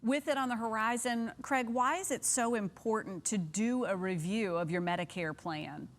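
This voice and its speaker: A woman co-hosting a live local morning talk show, with a bright, animated presenter delivery. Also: on the high side, moderate pace. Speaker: co-host.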